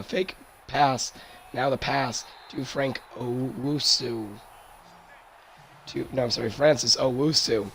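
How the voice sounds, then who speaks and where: A hoarse young man doing play-by-play commentary of a football game, his worn-out voice jumping high on big plays. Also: slight background noise. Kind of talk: solo sports commentary over a video game.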